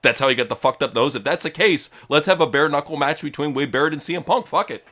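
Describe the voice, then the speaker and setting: A man with a bright, somewhat high voice co-hosts a live wrestling reaction stream. He calls the action as it happens, profane and quick to get worked up. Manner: profane, excitable play-by-play. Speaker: co-host.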